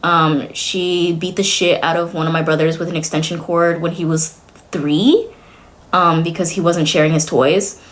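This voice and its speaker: A woman's voice: on the low side, fairly even intonation, moderate pace. A young woman talks loosely to her stream audience in a rambling, conversational way. She leans heavily on fillers and slips in nervous laughs between her thoughts. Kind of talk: casual stream chat.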